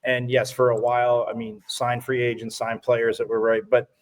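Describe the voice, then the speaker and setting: Rambling animated sports-talk man. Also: medium pitch, normal speed. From from Phoenix area. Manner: rambling, restarts, animated storytelling. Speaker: sports talk show co-host.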